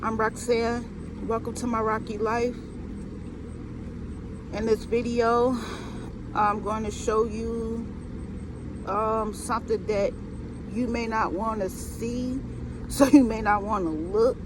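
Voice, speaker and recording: A woman's voice: a little high, fairly even intonation, slow, long pauses. Woman doing a heartfelt outdoor vlog, lots of ums, noisy phone audio. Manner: earnest, emotional, rambling with fillers. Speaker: vlogger. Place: outdoors near a residential field.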